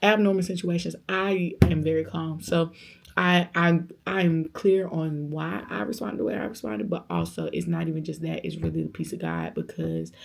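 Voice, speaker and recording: Young woman vlogger, lower register, a bit of fry, casual animated storytelling. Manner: animated storyteller, acts out quoted voices; faith-filled, speaks of God, conversational. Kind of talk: storytime vlog, casual chat.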